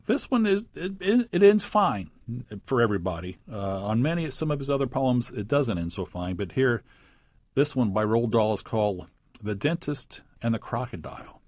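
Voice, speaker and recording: A man talking casually as a radio contributor, relaxed and halting, pausing with fillers. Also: mid-range voice, no room sound. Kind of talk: casual storytelling.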